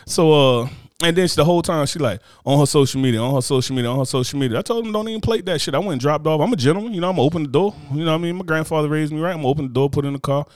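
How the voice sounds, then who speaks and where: A man chatting as a podcast co-host, telling comic stories in a profane, animated rant with mocking voices. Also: fairly high pitch, rapid-fire, no room sound, clean studio sound. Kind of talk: casual chat, comic storytelling.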